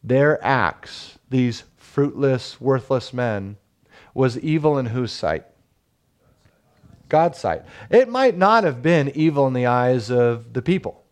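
A man's voice: medium pitch, expressive, slow. A man in his thirties preaching a sermon as pastor, with rising emphasis and frequent rhetorical questions.

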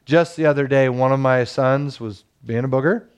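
A man's voice: mid-range voice, normal speed, clean tone. Emphatic preaching man with rhetorical questions. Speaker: pastor. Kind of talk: sermon.

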